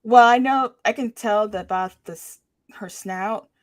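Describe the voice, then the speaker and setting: A woman's voice: medium pitch, unhurried, no room sound. A woman co-hosting a podcast in casual chat, with a mixed Southern and Midwestern American accent, acting out quotes and laughing as she talks. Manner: animated, acts out quotes with laughs. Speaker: podcast co-host.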